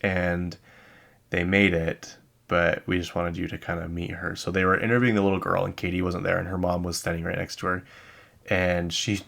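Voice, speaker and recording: A man with a very low voice and a gravelly edge, hosting a podcast in a casual chat. He rambles through the news, wanders into asides and corrects himself as he goes. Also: level tone, moderate pace, fairly bright tone. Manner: chatty and rambling, with many asides and self-corrections. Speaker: podcast host. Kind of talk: casual chat about pop music news. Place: lives in Utah.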